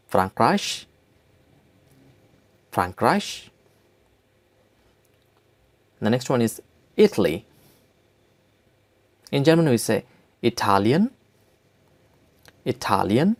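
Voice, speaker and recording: A male teacher walks learners through vocabulary at an unhurried pace, repeating each word several times. His voice has a gravelly fry to it. His pitch rises and falls a lot. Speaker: language teacher. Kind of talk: slow spoken language lesson.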